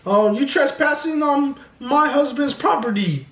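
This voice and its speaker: A man voicing an indignant, confrontational woman who talks in a high, demanding voice. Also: animated, a little slow, a bit bright, recorded from a distance, exaggerated voice. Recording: echoey room.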